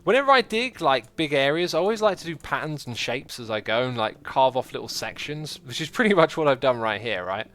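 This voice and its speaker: A brisk, very animated man with a slightly bright mid-range voice rarely pauses as he hosts a game livestream. Chatty throughout, he reads viewers' comments out loud and turns the jokes on himself.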